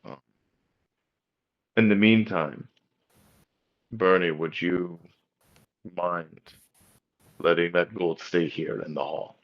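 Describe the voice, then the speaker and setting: Deep and formal, this is a dutiful town official, played by a man in a tabletop game. He speaks in measured, proper sentences. The audio is dull and lo-fi. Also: fairly even intonation. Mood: earnest.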